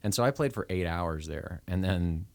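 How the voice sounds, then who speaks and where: Deep-voiced man, relaxed musician chat. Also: normal speed, gravelly. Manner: chatty, self-deprecating, laughs often. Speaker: singer and musician. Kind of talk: casual chat.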